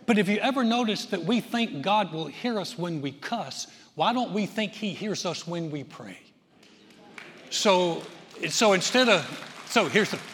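A middle-aged man preaching a sermon in a folksy, conversational way, telling stories with lively emphasis. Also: high-pitched, in a large hall. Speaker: pastor.

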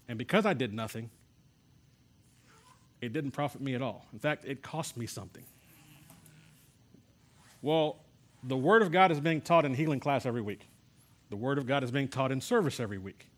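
A man preaching to a class, telling personal stories and asking rhetorical questions in a conversational way. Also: medium pitch. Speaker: pastor teaching a healing class. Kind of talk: sermon.

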